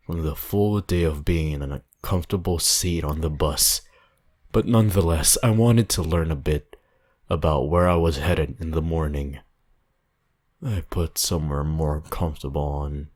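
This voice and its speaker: Very deep-voiced man reading horror slowly. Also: a little mellow. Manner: slow, measured, somber reading. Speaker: horror story narrator. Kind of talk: scripted narration.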